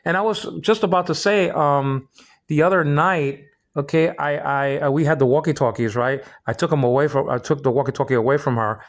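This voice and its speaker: A man's voice: on the high side, brisk. Older man ranting with stammered restarts. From Philippines. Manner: repetitive, stammering restarts, heated. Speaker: vlog host. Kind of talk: rambling personal monologue.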